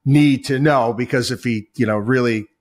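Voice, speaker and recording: A man's voice: medium pitch, normal speed. A middle-aged man hosting a finance talk show, delivering opinionated solo commentary with exasperated, emphatic repetition. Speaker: show host.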